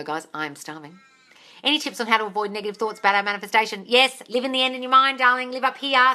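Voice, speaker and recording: A fairly high-pitched Australian woman with a bright, forceful tone runs a casual live Q&A as a manifestation coach, recorded on her phone. She reads viewers' comments and gives blunt answers full of swearing.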